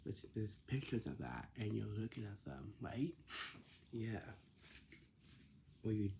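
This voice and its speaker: Slow gravelly man explaining manners. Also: lowish voice, very animated, warm tone, a little hiss or hum. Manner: slow, repetitive, asks "right?" and answers "yeah". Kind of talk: casual explanatory talk.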